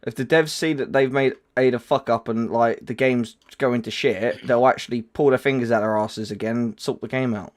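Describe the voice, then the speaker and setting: A man hosting a gaming livestream in loose, casual chat. His voice sits at an ordinary middle pitch, and he rambles, restarting sentences and filling gaps as he goes. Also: fairly even intonation, moderate pace, hardly any pauses. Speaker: livestream host.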